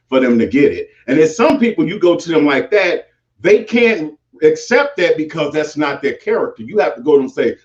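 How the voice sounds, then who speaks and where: A man chatting as a guest, playful and animated, sliding between polite and street talk. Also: fairly high pitch, moderate pace. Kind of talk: casual chat. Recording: muffled lo-fi sound.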